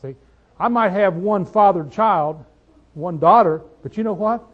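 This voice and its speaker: A man delivers a sermon in a high voice, leaning into each point and asking his listeners one rhetorical question after another. The recording sounds dull and lo-fi. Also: unhurried. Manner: emphatic, rhetorical questions to the audience. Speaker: preacher.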